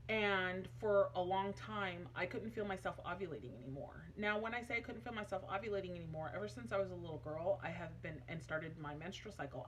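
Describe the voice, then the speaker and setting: A woman's voice: lowish voice, slight background noise. A young adult woman vlogging casually, telling a personal story in a chatty, emotional way with many fillers.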